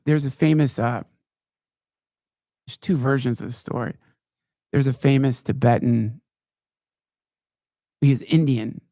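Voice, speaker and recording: A man hosting a podcast, telling rambling, profane stories in a wry, casual way, now and then jumping into high mocking voices. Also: dark tone, dry recording, clean studio sound. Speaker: podcast host. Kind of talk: casual storytelling monologue. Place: live show.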